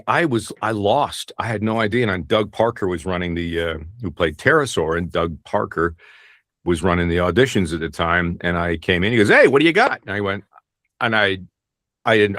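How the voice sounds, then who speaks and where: A man's voice: low-pitched, fairly bright tone, no room sound, clean studio sound. A middle-aged man, a voice actor, talking casually in an interview, rambling and self-deprecating with many restarts. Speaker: voice actor guest.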